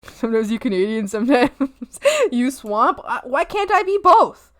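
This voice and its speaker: Lively high-voiced woman streamer. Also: normal speed, no room sound, studio quality. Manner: playful, excitable, silly bits, bursts of shouting. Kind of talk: casual livestream chat while drawing.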